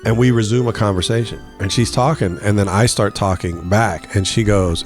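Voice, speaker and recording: A man's voice: lowish voice, moderate pace, soft background music. A middle-aged man hosting a podcast, telling funny stories in a casual way and acting out the voices of the people in them. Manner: animated, acts out voices in his stories. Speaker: podcast host. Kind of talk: casual comedic storytelling.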